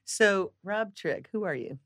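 A man hosting a podcast in a studio, asking his guest relaxed, unhurried questions. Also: high voice, dry recording. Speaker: podcast host. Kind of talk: podcast interview.

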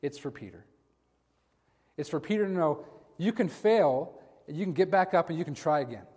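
A man's voice: on the high side, lively intonation, moderate pace, a little mellow, slightly rough. A man preaching a sermon in a conversational way, talking to his listeners as guys. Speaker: pastor. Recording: long hall reverb.

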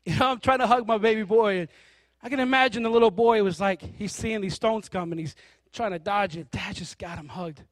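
High-voiced man preaching an animated sermon. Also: brisk, no echo. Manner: animated storytelling, acting out characters.

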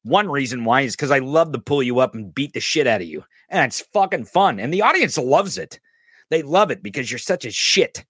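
Mocking, profane podcast host, lively pitch. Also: male voice, fairly quick, breathy edge, no echo, clean studio sound. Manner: mocking, profane, addresses a chatter directly. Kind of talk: ranting political commentary.

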